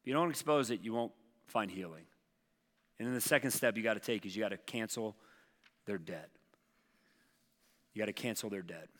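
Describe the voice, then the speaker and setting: A man's voice: on the low side, fairly quick, long pauses, a bit bright, big-room sound. A man preaching as a pastor in a conversational sermon, acting out objections and story lines.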